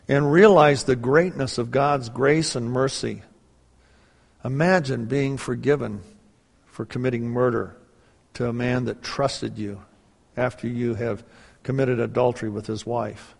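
A man's voice: mid-range voice, vocal fry. A male preacher tells a story in an earnest, storytelling voice, acting out the voices of the people in it. His words ring out with a long reverb, like a large church hall. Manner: earnest, retelling a story with quoted dialogue. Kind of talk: sermon with storytelling.

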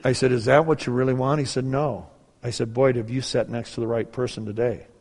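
A man in his sixties telling a story in a sermon, moving from hushed talk to loud preaching. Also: mid-range voice, steady tone, brisk, breathy edge. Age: 60s. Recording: long hall reverb.

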